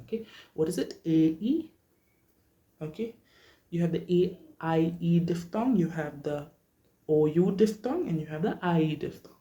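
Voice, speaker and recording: Slow, mellow-voiced vocal coach. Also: lively intonation, lo-fi sound. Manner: checks in often, demonstrates vowels at high pitch. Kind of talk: teaching a vocal workshop. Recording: echoey room.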